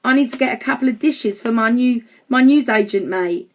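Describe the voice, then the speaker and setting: A woman's voice: a little high, a little fast, close to an everyday voice. A woman reading an audiobook, voicing a grumpy, bossy young boy who speaks curtly. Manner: curt and snappy.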